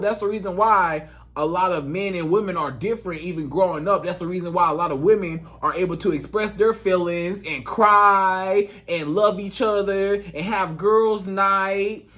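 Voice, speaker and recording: A man's voice: high-pitched, measured pace, bright, forceful tone. A man giving relationship advice in a casual, emphatic monologue, repeating his points in colloquial speech. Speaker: relationship coach.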